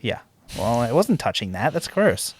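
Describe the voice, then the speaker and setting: A young man co-hosting a podcast, telling a story in casual chat, animated and swearing as he acts out quotes. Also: medium pitch, normal speed, husky. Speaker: podcast co-host.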